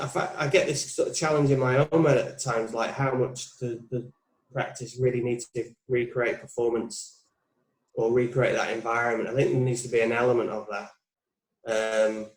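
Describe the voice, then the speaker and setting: Reflective man in his forties, roomy sound. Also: mid-range voice. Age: 40s. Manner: reflective, thinking aloud, muses with questions. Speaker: putting coach, guest. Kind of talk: casual coaching conversation. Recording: roomy echo.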